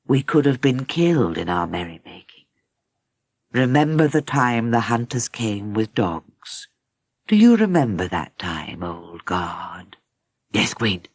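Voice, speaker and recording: A woman's voice: extremely low pitch, expressive, slow pace, dry recording, exaggerated voice. A woman voicing a stern, sorrowful female mole rat queen in an audiobook. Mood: gently sorrowful. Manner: grave, stern, then soft and sad. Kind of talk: audiobook character reading.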